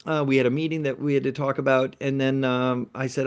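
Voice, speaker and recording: A man's voice: mid-range voice, fast talker, few pauses, clean tone. Man telling a story in an interview. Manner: lively retelling that acts out other people's lines. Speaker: guest, nonprofit founder.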